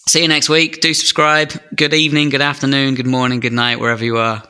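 A man hosting a podcast in casual chat, playful and quick to joke. His voice is bright and forward, at a middle pitch. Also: flat delivery, clean tone. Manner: playful, joking. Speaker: podcast host.

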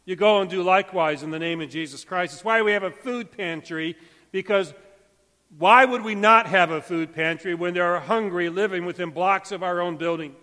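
A man preaching a sermon as pastor, emphatic and swinging between loud calls and hushed, quiet stretches. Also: sits high, moderate pace. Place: church sanctuary. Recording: long church hall reverb.

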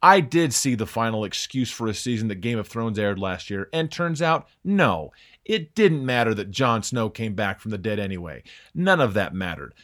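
A young male sports host reading a scripted opinion rant. His pitch swings widely as he mocks and exaggerates. His delivery is sarcastic and theatrical. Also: very animated, normal speed, a bit bright. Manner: sarcastic, mocking, theatrical emphasis.

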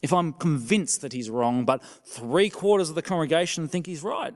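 A male minister preaching a sermon, asking the congregation questions and dropping to a soft voice at times. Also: on the high side, normal speed, hardly any pauses. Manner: animated, questioning the congregation with sudden soft drops.

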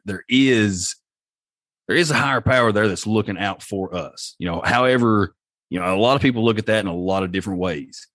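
Thoughtful low-voiced man. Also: a bit bright, no room sound, clean studio sound. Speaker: podcast guest. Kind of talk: casual podcast chat.

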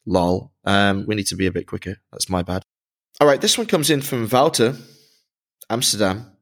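A man in his thirties talks casually as a podcast co-host, his voice sitting a little low. He rambles through long answers with relaxed, self-deprecating asides. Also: moderate pace. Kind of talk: casual chat.

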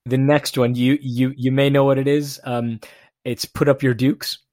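A man speaks as a podcast guest, relaxed and a bit hesitant, often restarting a phrase and laughing lightly. His voice sits at an ordinary middle pitch. The recording is dry, with no room sound. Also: moderate pace, no room sound. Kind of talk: casual chat.

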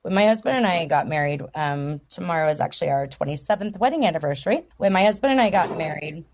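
Woman, middle-aged, podcast co-host, lowish voice, casual chat. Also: expressive, a little mellow. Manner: reads verses slowly, tells jokes at length.

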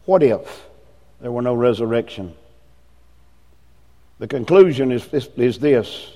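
A man preaching a sermon as pastor, swinging from loud emphatic lines to hushed ones. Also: medium pitch, animated, unhurried, in a large hall.

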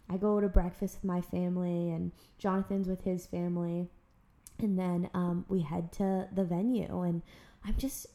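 A woman podcast host telling a personal story in a casual, animated chat. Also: medium pitch. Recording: roomy echo.

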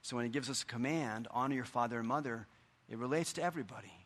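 Middle-aged male pastor, earnest conversational sermon, mid-range voice, quiet asides. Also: medium pitch, fast.

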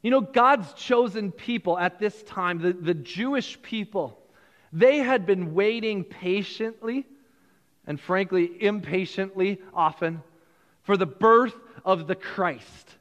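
A man with a fairly high voice preaches a Christmas sermon in a church sanctuary. He keeps it conversational, repeating phrases and restarting as he goes. His words ring out with a long hall reverb. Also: takes it slowly, a bit bright, lo-fi sound. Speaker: pastor.

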